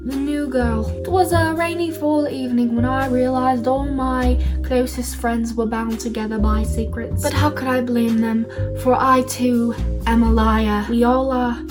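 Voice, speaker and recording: Brief: a woman doing a theatrical teen girl narrator, poetic and overdone, odd wobbly accent, fairly high voice. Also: steady tone, measured pace, over music, natural voice. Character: melodramatic teenage girl narrator, mysterious and theatrical.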